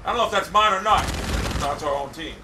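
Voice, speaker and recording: A man commentating his own gameplay live, cursing and boasting, often breaking into frustrated shouting. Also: high voice, quick pace. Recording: echoey room, distant mic, faint hiss.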